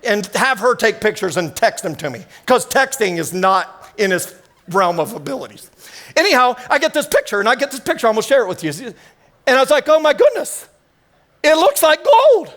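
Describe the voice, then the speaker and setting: A man, preaching an energetic sermon full of storytelling in a church. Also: sits high, brisk. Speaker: guest preacher. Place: church sanctuary.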